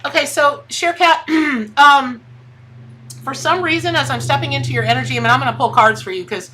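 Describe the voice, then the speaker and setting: A woman's voice: high-pitched, brisk, pushed and bright, a little hiss or hum. A woman hosting a live tarot stream, chatting in a bubbly way and greeting viewers by name. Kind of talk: casual live-stream chat.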